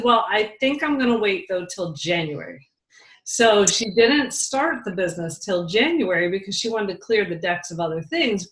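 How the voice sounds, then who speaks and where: A woman's voice: medium pitch, echoey room, rough recording. A woman leading a casual team talk, telling chatty stories and laughing easily. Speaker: team leader.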